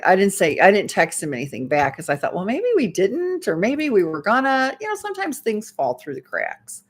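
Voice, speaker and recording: A woman in her fifties, a dating coach telling a personal story as advice in a chatty, rambling way. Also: low voice. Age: 50s. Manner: chatty, rambling, acts out quoted dialogue.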